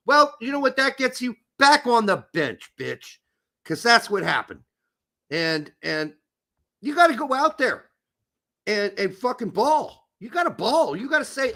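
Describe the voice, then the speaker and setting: A podcast host rants about sports with a high, bright voice that swings widely in pitch. He swears freely and talks in a heated, animated way. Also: normal speed. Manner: animated, profane, ranting. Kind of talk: casual heated sports talk.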